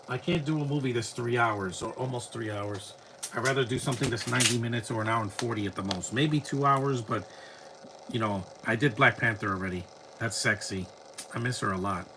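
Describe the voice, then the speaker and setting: A man's voice: fairly low pitch, fairly quick, pushed and bright, a little hiss or hum. A man giving casual, rambling live commentary while watching a movie. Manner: rambling, chatty, frequent restarts.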